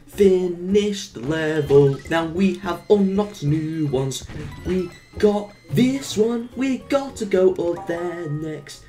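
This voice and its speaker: A let's play commentator giving casual gameplay commentary, humming little made-up tunes, cooing at the game characters like pets and letting out sudden excited yelps and laughs. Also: mid-range voice, takes it slowly, soft background music. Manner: hums little made-up tunes while playing.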